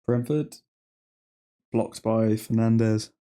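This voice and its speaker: A man's voice: on the low side, fairly even intonation, very slow, dark tone. A man hosting a football watchalong, reacting live to the match in chatty fan talk full of slang. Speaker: watchalong host.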